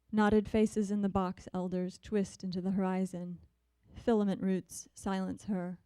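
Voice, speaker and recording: A woman poet reads her work in a measured, deliberate way, her voice mellow and smooth. The sound is close and dry. Between poems she turns soft and hesitant. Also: medium pitch, no echo. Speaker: visiting poet. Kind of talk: poetry reading.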